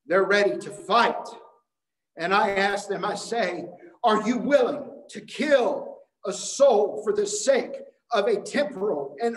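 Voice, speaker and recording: A man preaches with emphatic, repeating phrases, now and then tripping over a word. His voice sits high for a man and rings out in a roomy, echoing space. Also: a bit bright. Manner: emphatic preaching with repetition and some stumbles. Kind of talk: sermon. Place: worship service.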